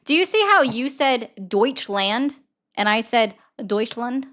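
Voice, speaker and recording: A woman hosting a political commentary show, debating a man with pointed, rapid-fire questions. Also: fairly high pitch, expressive, fairly bright tone. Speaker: host. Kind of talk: argumentative debate.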